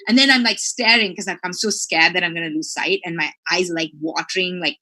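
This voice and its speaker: A woman from Sri Lanka, a marine biologist, telling a lively story in conversation and peppering it with "right?" and "like". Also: fairly low pitch, brisk. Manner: chatty, fillers like "right?" and "like".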